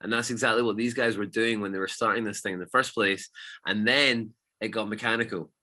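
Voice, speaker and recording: Lively male DJ, low and bright, chatty storyteller. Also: a little fast. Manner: animated, swearing storyteller. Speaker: DJ guest. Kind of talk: casual storytelling chat.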